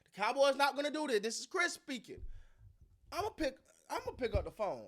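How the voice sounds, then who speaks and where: A man's voice: extremely high pitch, fairly quick. A man hosting his own sports channel, talking casually to his viewers and giving his opinions in a loose, slangy, repetitive way. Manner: animated, repetitive, slangy, talks to the audience. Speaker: sports commentary host.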